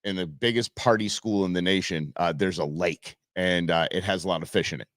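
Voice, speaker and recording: Male talk show host, deep-voiced, rambling and jokey, dry close sound. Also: brisk, fairly bright tone, no room sound. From Arizona, USA. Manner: chatty, rambling, jokey with many restarts. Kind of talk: casual talk show monologue.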